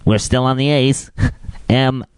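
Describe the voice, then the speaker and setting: A man joining a podcast chat, telling jokes by giving deadpan definitions of made-up terms. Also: mid-range voice, takes it slowly, poor audio.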